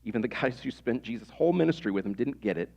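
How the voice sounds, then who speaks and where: A man's voice: medium pitch, expressive, quick pace, darkish tone. A man in his thirties preaching a sermon in a conversational way, with rhetorical questions to the congregation. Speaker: pastor.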